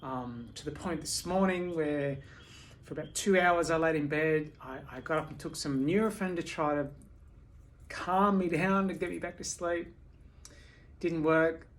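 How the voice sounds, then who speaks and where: A tired woman speaking candidly at home in a personal video diary, halting, with many restarts and fillers. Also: low voice. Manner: candid and confessional. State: tired from sleepless nights. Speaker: vlogger.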